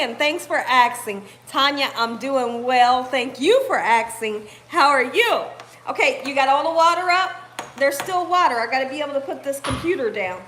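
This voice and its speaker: A woman's voice: high-pitched, pushed and bright. A woman hosting a live cooking stream from her home kitchen. She chats with viewers, greets them by name and laughs often. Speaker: cooking channel host.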